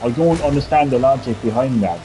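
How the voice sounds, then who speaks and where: A man's voice: mid-range voice, expressive, a little fast, dark tone, soft background music, poor audio. An Irish man giving casual, rambling gameplay commentary while answering chat as a streamer. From Ireland. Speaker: gaming streamer.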